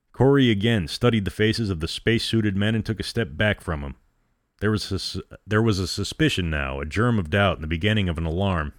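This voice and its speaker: Man narrating a story, low voice, dry close sound, steady and dramatic. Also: a little fast, no echo. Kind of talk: reading a short story aloud.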